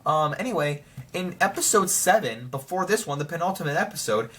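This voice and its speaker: A young man rambling excitedly through a casual spoiler review of a TV show. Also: a little high, a little fast.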